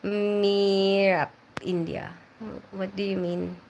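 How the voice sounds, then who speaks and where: Speaking slowly in a level, darkish medium-pitched voice, a young woman who grew up in the Philippines chats on a relaxed live stream. She reads out viewer comments and responds, using lots of fillers, with a little hiss or hum in the audio.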